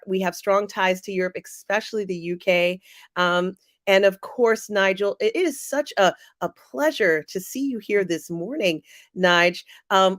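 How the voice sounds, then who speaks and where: A woman hosting a live stream, reading viewer comments aloud and answering them in a chatty way with many pauses and fillers. She sounds teary and emotional. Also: medium pitch, no room sound, studio quality. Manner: warm, chatty, often pausing with fillers. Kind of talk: casual live-chat commentary.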